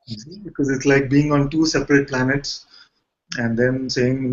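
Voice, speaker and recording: Guy teaching satsang, calm, repeats himself gently, dull lo-fi audio. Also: medium pitch, moderate pace. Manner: calm, repetitive, gently explanatory. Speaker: spiritual teacher. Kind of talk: satsang dialogue.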